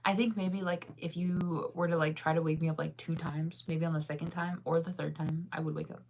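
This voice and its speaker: Sleepy thirties lady rambling on, like, every other word, kinda low voice. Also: level tone, fairly quick, gravelly, a little mellow, a little hiss or hum. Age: 30s. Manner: rambling, heavy use of "like". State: tired and yawning. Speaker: vlogger reading live chat. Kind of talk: casual chat.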